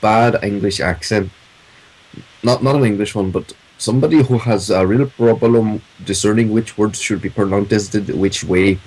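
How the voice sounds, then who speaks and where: Wry low-voiced Irish man. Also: a little mellow, breathy edge, low-quality recording. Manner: wry, quick joking with put-on customer voices. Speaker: co-host. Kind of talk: casual banter.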